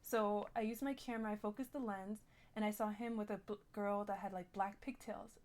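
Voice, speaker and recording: A woman's voice: mid-range voice, steady tone, a little fast, darkish tone. A young woman telling a rambling, shaken story in character during a role-play game, full of "like" and restarts.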